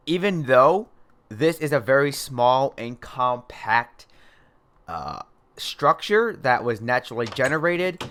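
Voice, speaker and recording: A man's voice: medium pitch, fairly bright tone, clear, resonant tone. A young man hosting a casual gameplay video, chatting in a rambling, playful way. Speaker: host.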